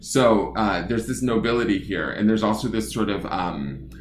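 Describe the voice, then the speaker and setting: A low-pitched man chats casually on a home livestream, greeting viewers by name and making playful asides. The sound is roomy, with a faint hiss behind his voice. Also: normal speed. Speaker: tarot and charm reader. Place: home desk room. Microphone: phone or webcam on desk.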